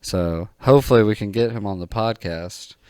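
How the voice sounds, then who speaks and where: A man with a Southern American accent co-hosting a comedy podcast in casual, animated chat, often laughing and mimicking people. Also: fairly low pitch, moderate pace, clean tone, no room sound, studio quality. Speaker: podcast co-host.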